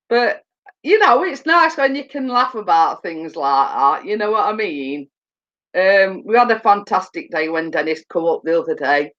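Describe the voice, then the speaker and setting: A woman's voice: mid-range voice, sing-song, normal speed, a bit bright. A woman chatting casually with viewers on a live stream, telling funny stories and laughing often. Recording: dull lo-fi sound.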